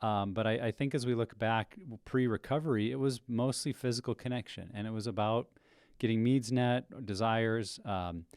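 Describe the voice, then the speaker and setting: A married man speaking on a podcast in a measured, thoughtful way. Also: mid-range voice, darkish tone, no echo, clean studio sound. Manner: measured and thoughtful, with some restarts. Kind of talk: reflective podcast discussion.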